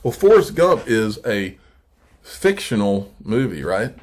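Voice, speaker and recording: A man hosting a crypto investing channel, giving casual emphatic commentary and repeating points slowly for effect. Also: on the low side, sing-song. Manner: addresses viewers as folks, frequent okay. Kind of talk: casual commentary on screen posts.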